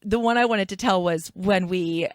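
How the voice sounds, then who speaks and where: A woman's voice: mid-range voice, moderate pace, no room sound, clean studio sound. A woman from Pennsylvania, a radio and podcast co-host, telling stories in casual chat with odd vowel sounds on some words and frequent laughter. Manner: chatty, self-deprecating storyteller who laughs often.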